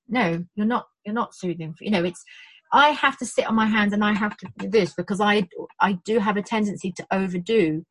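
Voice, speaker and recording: A woman's voice: mid-range voice, fairly quick, no echo, poor audio. A woman with a British accent who works in birth support, chatting casually and acting out quotes as she tells stories. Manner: animated storytelling with acted-out quotes. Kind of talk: casual chat.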